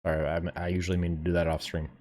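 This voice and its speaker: A fairly low-voiced young man streaming a game. He talks to his viewers in a relaxed, off-the-cuff way and swears casually. His commentary stays loose and unscripted. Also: racing. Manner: chatty, laid-back, swears casually, talks to chat. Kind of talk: casual live gameplay commentary.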